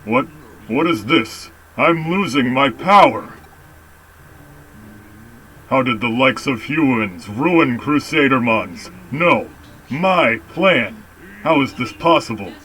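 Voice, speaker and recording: A man voicing an arrogant male knight villain, shouting in outrage. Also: medium pitch, lively intonation, slow pace, a little hiss or hum, low-quality recording. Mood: outraged.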